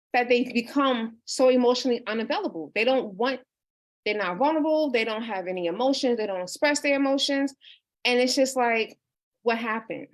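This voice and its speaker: A woman in her thirties, a life coach, talking casually and earnestly on a livestream, reading out viewer comments. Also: on the high side. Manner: earnest and personal, with many restarts and "you know". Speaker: life coach hosting a book discussion.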